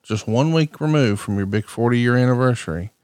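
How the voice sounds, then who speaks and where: A man's voice: mid-range voice, brisk, a little mellow, clear, resonant tone, dry recording, clean studio sound. A man in his forties co-hosting a podcast, ribbing his partner with mock outrage. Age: 40s. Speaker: podcast co-host. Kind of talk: casual chat.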